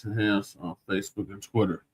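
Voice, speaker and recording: A man with a fairly low voice co-hosting a casual talk show. He drops in short, wry quips and reads the closing plugs quickly. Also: steady tone, breathy edge, poor audio. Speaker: co-host. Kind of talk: casual chat and show sign-off.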